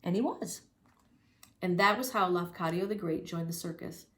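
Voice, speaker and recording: A woman reading a children's story aloud with lively, expressive storytelling and spoken sound effects. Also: fairly low pitch, fairly quick. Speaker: reader. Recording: roomy echo.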